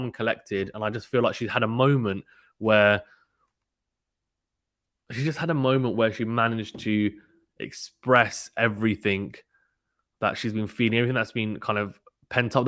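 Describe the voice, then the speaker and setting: A man giving casual live play-by-play tennis commentary and reading out viewer chat, in a brisk, chatty manner with frequent ums and restarts. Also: on the low side, a bit bright, no echo, clean studio sound.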